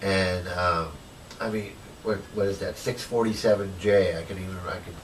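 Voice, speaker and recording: At a moderate pace and with fairly even intonation, a formerly homeless man with a fairly low voice tells his story in an interview. It comes out rambling, dotted with "you know" and retold dialogue, in a low-quality recording made far from the mic with a faint hiss.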